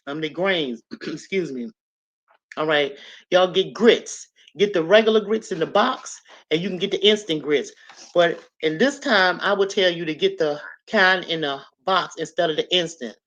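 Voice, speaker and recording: Chatty livestream host, rapid talk with fillers, slightly dull lo-fi sound. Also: mid-range voice. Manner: fast, chatty, repeats instructions, many fillers. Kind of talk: casual livestream advice chat.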